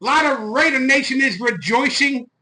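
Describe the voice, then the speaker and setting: A man hosting a fan channel, ranting loud, fired-up and profane on a live stream into a phone. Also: very high-pitched, lively intonation, moderate pace, rough recording.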